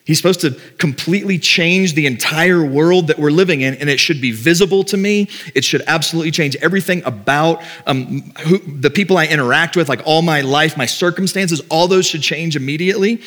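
A man's voice: fairly high pitch, fairly quick, hardly any pauses, a bit bright. A middle-aged man preaching a sermon as pastor, talking in a conversational way and acting out doubts in quoted voices.

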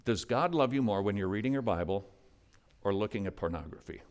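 A male pastor preaching a sermon, swinging from loud, emphatic lines to hushed, near-whispered ones. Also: lowish voice, animated, a little fast.

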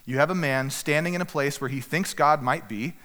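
A man preaching a sermon as pastor, animated, acting out quoted prayers with big swings in volume. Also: on the high side, fairly quick. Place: church hall. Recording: long reverb of a church hall.

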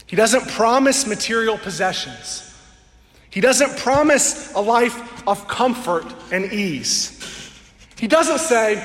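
A man preaching a sermon to a congregation in a church, earnest and drawing out key words slowly for emphasis. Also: high-pitched, fairly bright tone. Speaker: pastor. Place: church sanctuary before a congregation. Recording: echoey hall with long reverb.

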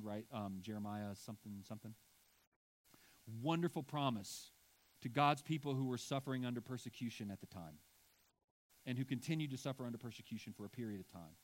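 A man's voice: medium pitch, animated, a little fast. A middle-aged man preaching a sermon to a congregation, talking casually with frequent asides and rising to emphatic points. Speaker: pastor.

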